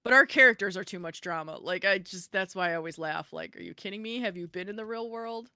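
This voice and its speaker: Bright-voiced woman podcast host. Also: medium pitch, fast talker, no echo, studio quality. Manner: animated storyteller, acts out quoted people. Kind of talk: casual podcast chat.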